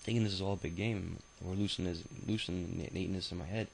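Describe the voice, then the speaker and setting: A man's voice: deep voice, steady tone, quick pace, vocal fry, slight background noise, poor audio. A man in his thirties telling his own life story in a rambling, profane, casual way, full of filler sounds. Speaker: autobiography narrator. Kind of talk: casual spoken memoir storytelling.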